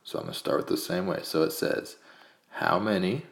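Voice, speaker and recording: A man with a very deep, gravelly voice explains math step by step. He talks calmly and counts through each part aloud. The room around him is echoey. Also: fairly quick. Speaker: math teacher. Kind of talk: screencast math lesson.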